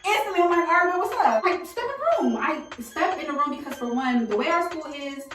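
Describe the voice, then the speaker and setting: A young woman telling a college story in a casual, slangy, animated way, with frequent laughs. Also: sits high, fairly quick. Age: young adult. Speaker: storytime vlogger. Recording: echoey room from a distance.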